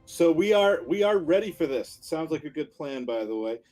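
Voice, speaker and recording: A man running a tabletop game as dungeon master, narrating in a relaxed, descriptive way with fillers and restarts. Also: a little high, a little fast, soft background music, poor audio.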